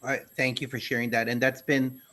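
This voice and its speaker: A man's voice: mid-range voice, little pitch movement, a little fast, over a noisy crowd. A man co-hosting an education talk show, speaking emphatically and dropping folksy sayings. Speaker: podcast co-host, school administrator. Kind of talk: casual conversational talk.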